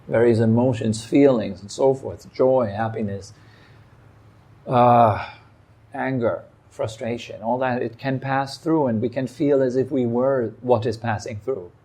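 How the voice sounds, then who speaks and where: Calm, mellow-voiced male meditation teacher. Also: medium pitch. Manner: calm, reflective, speaks in short phrases with pauses. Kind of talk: dharma talk. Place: meditation hall.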